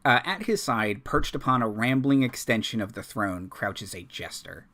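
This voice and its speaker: A man narrating a tabletop game as game master, unhurried and dotted with fillers. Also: fairly low pitch, animated, bright, forceful tone.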